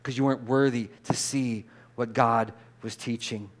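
Preaching in a casual, conversational style, this pastor restarts sentences and repeats words, getting loud and animated whenever he drives a point home. His pitch is medium and his speed normal.

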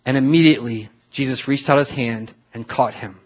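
Husky-voiced man preaching a lively sermon. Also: medium pitch, fairly quick. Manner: lively storytelling, swinging from soft asides to loud acted-out voices. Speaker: pastor.

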